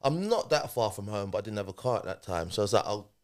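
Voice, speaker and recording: A man's voice: lowish voice, quick pace. A man, a podcast guest telling a personal story in conversation, animatedly acting out what people said. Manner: animated retelling, acting out quoted speech.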